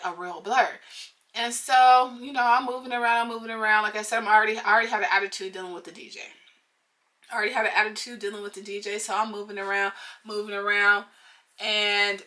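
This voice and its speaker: A woman vlogger telling a story in a casual, animated, profane way, slipping into slang and angry outbursts. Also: mid-range voice.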